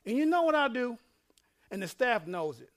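A male pastor preaching a sermon, dropping to a low murmur and then building to shouting, with frequent laughs. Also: big pitch swings, normal speed. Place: church.

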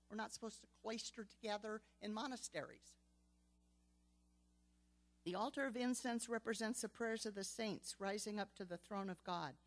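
An older woman teaching a Bible study, earnest and telling stories with quoted dialogue. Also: medium pitch.

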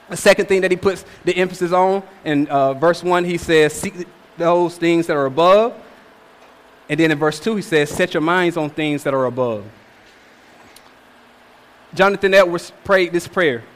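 A man's voice: high voice, a bit bright. Emphatic young man preaching in a hall. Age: 20s. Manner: emphatic, repeats phrases with rhetorical "all right?". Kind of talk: sermon. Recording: long hall reverb.

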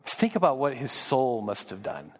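A man's voice: mid-range voice, big pitch swings, moderate pace, long reverb tail. A man preaching a sermon as pastor, earnest, often repeating words as he builds emphasis.

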